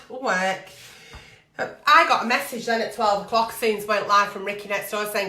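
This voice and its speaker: A woman hosts a live agony-aunt chat, blunt and full of swearing. Her voice sits fairly high with a bright, sharp edge. The room adds a noticeable echo. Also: normal speed. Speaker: agony aunt show host. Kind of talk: live-streamed advice chat.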